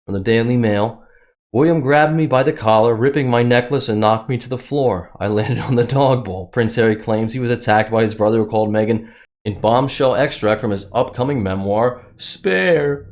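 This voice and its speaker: A man's voice: mid-range voice, a little fast, a little mellow. A man giving sarcastic commentary in a vlog, reading news excerpts aloud and mocking them. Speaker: commentary vlogger.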